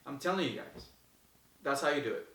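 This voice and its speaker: A man giving casual, energetic advice to viewers as host, repeating himself and acting out the people in his stories. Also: mid-range voice, fairly quick. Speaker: host answering viewer questions. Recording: echoey room, mic far off.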